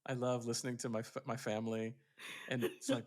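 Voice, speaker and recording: A young man from the American South co-hosting a podcast, chatting in a loose, joking way. His pitch sits right in the middle of the male range. He keeps the talk light and playful. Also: flat delivery, a little fast. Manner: playful, joking, slips into mock Southern voices. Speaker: podcast co-host. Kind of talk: casual chat.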